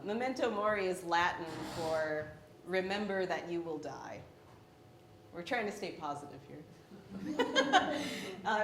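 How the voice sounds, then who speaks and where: A young woman artist talking through her paintings in a wry, self-deprecating way, laughing between points. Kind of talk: artist talk about her work. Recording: echoey room with faint rumble.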